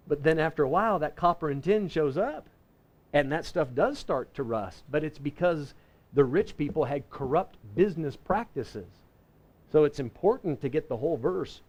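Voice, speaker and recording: A man teaching a Bible lesson in a folksy, conversational way, slowing down to read scripture verses. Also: a little high, lively intonation, a little mellow. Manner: folksy and conversational, reading scripture slowly and deliberately; self-correcting with frequent restarts. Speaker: pastor teaching a Bible class.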